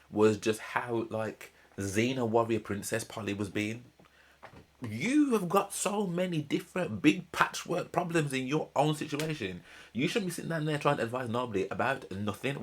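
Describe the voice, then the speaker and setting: A man hosting a reaction channel, commenting emphatically in rapid-fire casual talk. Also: lowish voice.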